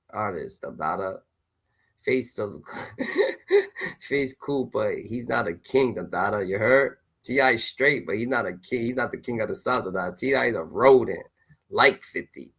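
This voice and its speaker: A man streaming casual reaction commentary on rap news, slangy and excitable, repeating a catchphrase tag. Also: on the low side, creaky, husky. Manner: loud, excitable and laughing.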